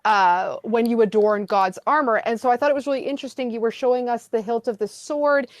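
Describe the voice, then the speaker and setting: A woman's voice: on the high side, fairly quick, dry recording, clean studio sound. A woman guest in a casual conversation, talking chattily with many fillers and questions. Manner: chatty, lots of "like" and "um".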